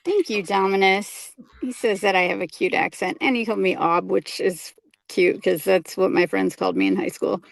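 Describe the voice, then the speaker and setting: A woman's voice: mid-range voice, expressive, moderate pace, vocal fry, no echo. A young woman with a Midwestern American accent co-hosts a casual live stream. She talks in a chatty, giggly way with plenty of ums and likes. Her voice is recorded dry and close, with no room sound. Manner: chatty, filler-heavy, giggly. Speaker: co-host.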